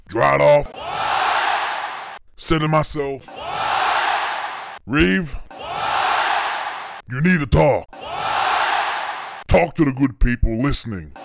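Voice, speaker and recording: Brash gravel-voiced wrestler voiced by a man, slow shouting drawl over roaring crowd. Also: on the high side. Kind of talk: wrestling promo style impression. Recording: loud crowd and noise from archive clip.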